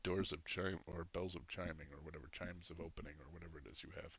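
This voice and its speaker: A man running a tabletop game as dungeon master, relaxed and thinking aloud with many fillers. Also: deep voice, fast talker, breathy edge. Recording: dull lo-fi mic audio.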